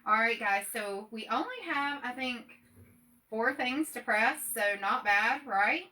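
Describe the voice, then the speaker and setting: A woman's voice: fairly high pitch, a little slow, pushed and bright. A woman hosting a casual livestream from her home workspace, chatty, upbeat and self-deprecating. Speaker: livestream host. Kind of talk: casual live stream chat.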